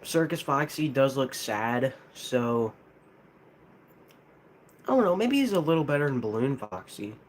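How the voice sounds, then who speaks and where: A man with a lisp, chatting casually on a live stream, hesitant and halting, with frequent restarts. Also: mid-range voice, very animated, slight background noise. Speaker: streamer ranking plush toys.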